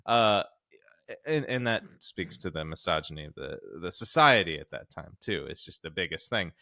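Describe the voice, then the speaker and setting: A man's voice: low voice, lively intonation, moderate pace, creaky, pushed and bright, dry recording, studio quality. A man co-hosting a casual true-crime podcast, laid-back and agreeable. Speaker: podcast co-host.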